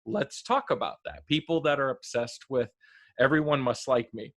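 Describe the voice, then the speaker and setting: A man chatting casually about a show he's reviewing, at an average pitch. He talks in loose, halting runs full of fillers and breaks into animated quoted voices. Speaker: podcast co-host reviewing a TV episode.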